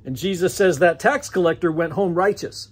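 A husky, fairly high-pitched man with an American accent delivers a church sermon. He preaches in a loose, conversational way and chuckles often between phrases. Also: moderate pace. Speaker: pastor. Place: church sanctuary.

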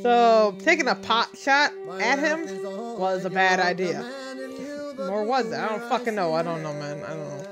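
A woman's voice: medium pitch, expressive, moderate pace. A young woman giving gameplay commentary, exasperated and swearing at the screen. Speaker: gaming video creator. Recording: voice over game audio with music. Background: game music.

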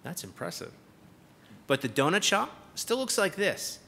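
Bright-voiced sarcastic male keynote speaker. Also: high voice, big pitch swings, normal speed, gravelly, husky. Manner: sarcastic, punchy delivery with repeated punchlines. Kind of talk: comedic keynote speech. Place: conference hall stage.

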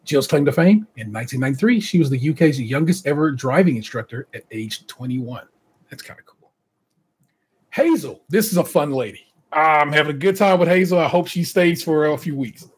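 Husky-voiced man hosting a podcast. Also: fairly high pitch, expressive, a little fast. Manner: reads contestant bios with chatty asides and laughs. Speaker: podcast host. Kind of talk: casual podcast chat.

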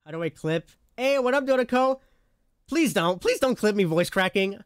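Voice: mid-range voice, animated, moderate pace, slight background noise. A live streamer chatting casually with chat, laughing often and talking in playful slang.

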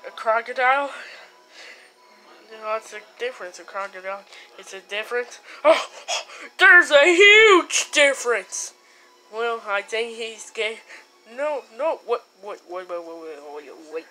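A woman voicing every character in a homemade comedy skit, mumbling some lines and shouting others. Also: fairly high pitch, animated, measured pace. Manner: switches between mumbling lines and sudden shouting. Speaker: amateur puppet-movie maker voicing all characters.

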